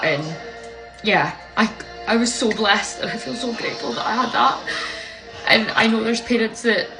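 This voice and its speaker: A woman's voice: mid-range voice, rough recording. A young woman talking candidly to camera as a parent, frank and swearing freely, often checking in with "right?". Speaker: parent vlogger. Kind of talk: candid emotional vlog to camera. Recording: music playing behind the voice.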